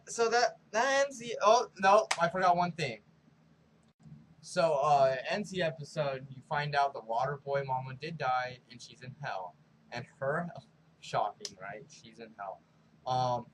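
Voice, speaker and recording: A man hosting his own review show, recapping an episode casually and excitedly, peppering his talk with "like" and spoiler warnings. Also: medium pitch, a little hiss or hum, poor audio. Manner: animated storytelling full of "like" and spoiler warnings. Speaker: show host.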